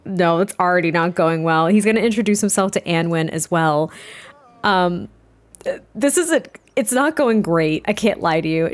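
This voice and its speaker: A young woman talks through a life-sim game in chatty, excitable commentary. Her voice sits at an ordinary middle pitch, and she often gasps and laughs as she goes. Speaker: let's play gamer. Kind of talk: gameplay commentary.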